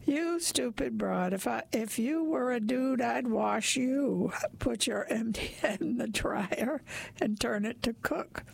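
Woman reader as a rude giant of a man, gruff and insulting, slow and gravelly. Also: a little high, dry recording, full character voice. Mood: scornful. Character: huge surly red-bearded man, rude.

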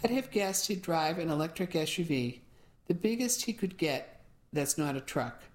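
A woman voicing a relaxed, matter-of-fact young man who works as a driver and handyman. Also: low-pitched, moderate pace.

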